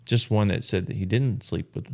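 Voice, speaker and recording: A man co-hosts a laid-back podcast in a low voice with a rough, gravelly edge. He mostly chimes in with short replies and agreement, now and then adding a longer opinion. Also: moderate pace. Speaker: podcast co-host. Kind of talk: casual podcast chat.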